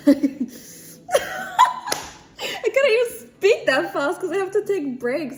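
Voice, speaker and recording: A woman's voice: sits high, sing-song, slow pace, a little mellow, soft background music. A woman livestreaming, chatting casually and joking as she reads viewer comments, often breaking into laughter.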